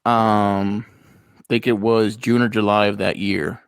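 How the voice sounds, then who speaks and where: A man co-hosting a podcast, casually telling a story and getting animated when he quotes people. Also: lowish voice, measured pace, clear, resonant tone, no room sound. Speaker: podcast co-host.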